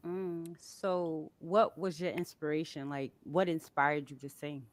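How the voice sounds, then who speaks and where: A woman host with a fairly low voice asks short, friendly questions. Her voice is recorded dry and close, with no room sound. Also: fairly even intonation, unhurried, no echo. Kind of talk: casual interview.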